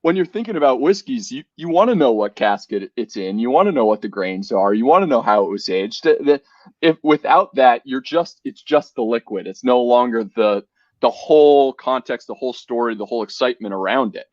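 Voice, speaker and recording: Male guest, brand founder, eager stop-start talker, mid-pitched voice. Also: fairly quick, no room sound, dull audio. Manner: animated, restarts sentences, repeats words. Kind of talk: casual conversational interview.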